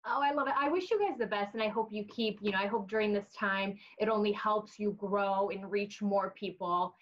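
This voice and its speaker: A woman's voice: mid-range voice, fairly quick, muffled recording. A woman hosting a TV show segment, chatty and bubbly with a self-joking manner. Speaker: TV news show host. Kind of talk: casual live TV interview.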